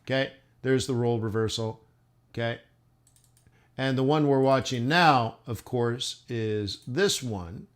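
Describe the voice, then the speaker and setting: A man's voice: mid-range voice, measured pace. Chatty man rambling on a livestream. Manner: rambling, chatty, many fillers and restarts. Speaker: live forex trading streamer. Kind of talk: casual livestream chat. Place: southern United States.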